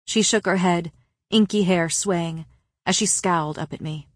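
A woman narrates a first-person audiobook with steady, even storytelling. Her voice sits on the low side. The recording is dry and close. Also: a little slow, dry recording.

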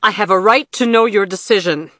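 A storybook narrator voicing a hostile woman accuser who speaks harshly and forcefully. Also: mid-range voice, takes it slowly, no room sound, studio quality. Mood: furious.

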